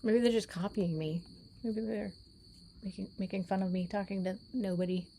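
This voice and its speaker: A woman's voice: mid-range voice, fairly even intonation, moderate pace, dark tone, slight background noise. A woman vlogging outdoors in casual chat, playful and meowing back at cats. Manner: playful, chats with cats and meows at them. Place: outdoors on her property.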